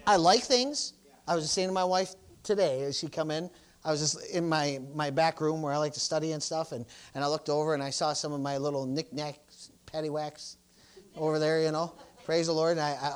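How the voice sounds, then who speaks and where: A man preaching a sermon at a church service, repeating "praise the Lord" and "amen" and moving between loud exclamations and quiet asides. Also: on the high side, little pitch movement, a little fast, clear, resonant tone.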